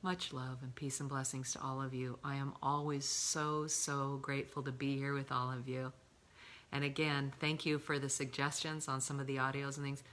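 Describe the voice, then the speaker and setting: Low-voiced woman coaching softly. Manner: calm, often dropping to a breathy whisper; slow, drawn-out emphasis on key words. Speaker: love coach. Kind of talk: motivational coaching talk.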